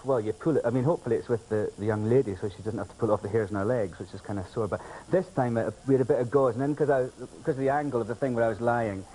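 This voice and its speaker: A man's voice: medium pitch, rapid-fire, hardly any pauses, dark tone, a little hiss or hum, poor audio. A man guesting on a talk show, telling cheeky anecdotes with lots of giggling. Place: television studio.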